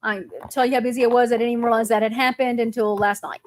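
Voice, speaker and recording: Woman host telling a story, kinda high voice, lively. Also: fast. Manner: animated storytelling. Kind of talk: casual chat.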